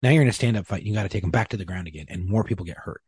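A man with a low, husky voice tells a work story on a podcast. He swears freely and plays out both sides of the argument with rising heat. The sound is dry and close. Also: rapid-fire, no room sound. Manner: profane, animated retelling with heated quoted exchanges. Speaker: police officer guest.

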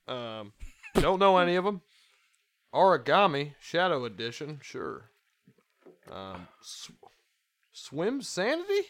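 A man's voice: fairly high pitch, very animated, slow pace, long pauses, fairly bright tone, smooth, no room sound. A man in his twenties, a podcast co-host, chatting casually and swearing a lot. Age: 20s.

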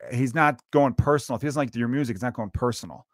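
A man in his thirties hosting a solo comedy podcast, ranting in a casual, animated way, dropping swear words. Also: medium pitch, fast, no room sound, clean studio sound. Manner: conversational and animated, swearing, acting out quotes. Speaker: podcast host.

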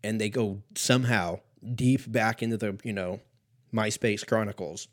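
A man's voice: on the low side, normal speed. Rambling, slightly stoned man talking. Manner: profane, meandering, laughs at own jokes. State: a little stoned. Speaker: podcast host. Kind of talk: rambling comedic monologue.

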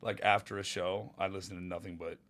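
Male comedian guest with a lowish voice, animated storyteller, heavy slang. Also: brisk. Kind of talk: casual chat.

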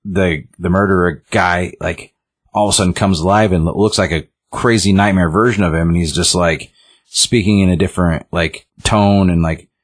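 A man's voice: low-pitched, steady tone, normal speed. A man casually retelling a comic book plot, rambling with many fillers and restarts.

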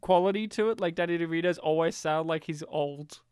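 A man's voice: a little high, a little fast, darkish tone, smooth, dry recording, clean studio sound. A man co-hosting a podcast in casual chat, joking, laughing often and slipping into silly impressions. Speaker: podcast co-host.

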